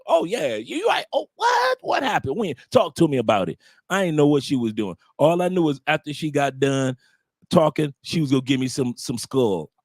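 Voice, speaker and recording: An American man hosting a live stream, spinning a loose, bawdy story full of jokes and acted-out quotes. His voice sits a little high for a man. The sound is close and dry, with no room echo. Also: darkish tone. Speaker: host. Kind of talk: casual storytelling to a live audience.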